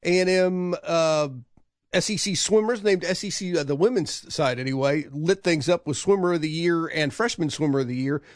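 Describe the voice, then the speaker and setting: A man's voice: on the high side, moderate pace, no room sound, studio quality. A man working as a radio sports anchor, previewing the games and trading wry remarks with the host. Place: radio studio.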